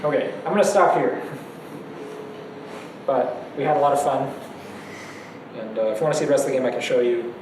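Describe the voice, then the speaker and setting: A man's voice: medium pitch, fairly quick, pauses often. A man giving a casual go lecture in a classroom, chatty and laughing between points. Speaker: go teacher. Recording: echoey room, distant mic, noisy.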